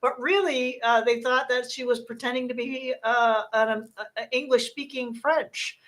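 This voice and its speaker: A woman's voice: fairly high pitch, fairly even intonation, moderate pace, a bit bright. A woman from the United States chatting casually, rambling with many restarts. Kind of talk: casual chat.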